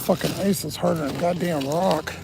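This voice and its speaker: Gravelly, swearing man ranting outdoors. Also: a little high, moderate pace, noisy background. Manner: grumbling, swears a lot while ranting. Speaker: vlogger. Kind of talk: casual vlog chat.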